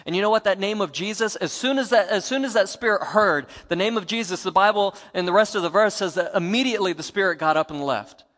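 A man preaching a sermon as pastor, telling a Bible story with animated, acted-out quotes. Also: high voice, fast talker, hardly any pauses, big-room sound.

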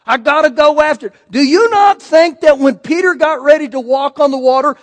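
Brisk, with few pauses and a very high voice, this man delivers a sermon built on folksy personal anecdotes. As a pastor, he gives animated voices to the characters he quotes, all in long hall reverb.

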